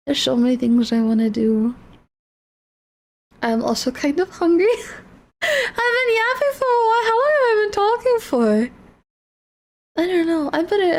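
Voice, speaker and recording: High-voiced woman chatting on stream. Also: darkish tone. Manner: rambling, apologetic, emotional, many restarts. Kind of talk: casual livestream chat.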